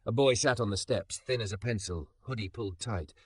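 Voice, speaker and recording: A man narrating a scripted story in an even, measured reading. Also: on the low side, slightly rough, no echo, clean studio sound.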